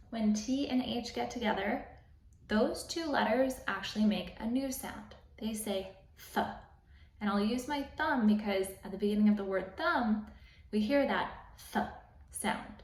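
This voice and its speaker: A woman's voice: mid-range voice, a little hiss or hum. Roomy-sounding teacher woman explaining patiently. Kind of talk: instructional explanation to parents. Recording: roomy, slightly distant mic.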